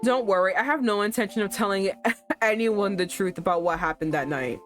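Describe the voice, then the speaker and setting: A woman streamer reading a romance game aloud and reacting with animated, profane asides. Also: medium pitch, a little fast, soft background music.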